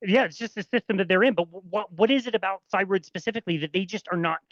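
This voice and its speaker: A man's voice: sits high, fast talker, dry recording, muffled recording. A man hosting a podcast interview, asking friendly questions. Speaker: podcast host.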